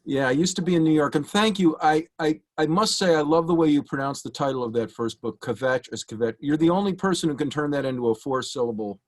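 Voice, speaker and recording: Middle-aged man, higher-pitched voice, a guest reading a personal tribute with stories and fillers over a video call. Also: fast, hardly any pauses. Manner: warm anecdotal delivery with frequent uh fillers. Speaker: guest speaker giving a tribute. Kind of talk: prepared tribute speech.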